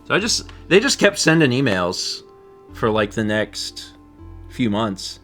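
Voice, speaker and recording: A man co-hosting a live stream, chatting casually, reading chat messages and joking with squeaky put-on voices. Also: sing-song, normal speed, a bit bright, soft background music. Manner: jokey, breaks into high squeaky put-on voices.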